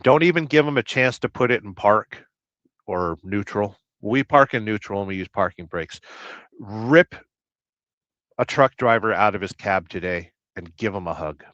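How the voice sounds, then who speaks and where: An American truck driver hosting a casual livestream, rambling through jokes and viewer comments with a deadpan, blustery manner. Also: male voice, fairly low pitch, normal speed, no echo. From United States. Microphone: livestream mic. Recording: dry, dull lo-fi stream audio.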